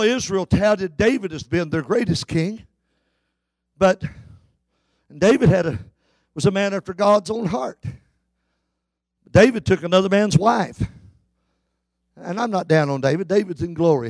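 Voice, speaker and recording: High-voiced gravelly preacher man. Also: normal speed, long pauses, no room sound. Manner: chanting preacher, rising into shouted climaxes. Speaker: pastor. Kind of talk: sermon.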